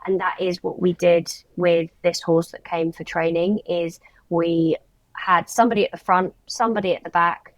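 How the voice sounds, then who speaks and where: A woman's voice: fairly low pitch, fairly even intonation, moderate pace, dry recording. A woman co-hosting a casual podcast chat, explaining horse training in a practical, thoughtful way.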